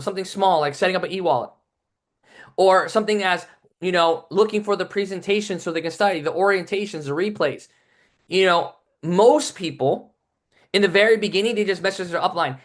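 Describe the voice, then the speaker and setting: A man giving a motivational training talk to his sales team, energetic and tagging his points with "right?". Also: high voice.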